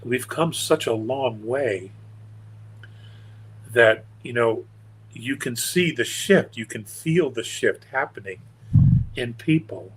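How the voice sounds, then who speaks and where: A man's voice: medium pitch, takes it slowly, pauses often, a bit bright, slightly rough, low-quality recording. An older man, a guest on an interview show, telling stories in a meandering, earnest and wry way. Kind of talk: casual storytelling interview.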